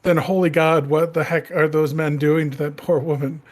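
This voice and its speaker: A man's voice: fairly high pitch, level tone, moderate pace. A man co-hosting a casual podcast discussion, asking probing questions and thinking aloud. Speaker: podcast co-host.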